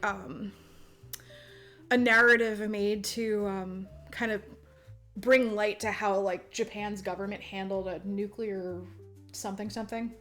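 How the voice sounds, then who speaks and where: A young woman on a podcast, casually and profanely recapping a movie, laughing often and acting out the characters' lines. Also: on the high side. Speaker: podcast co-host.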